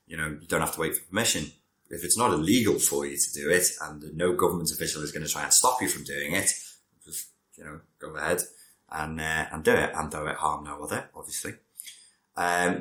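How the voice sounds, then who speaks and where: A therapist talks casually to camera about personality traits in a very deep, slightly bright voice, with a roomy sound. His talking-head explainer is conversational and digressive, sprinkled with wry asides.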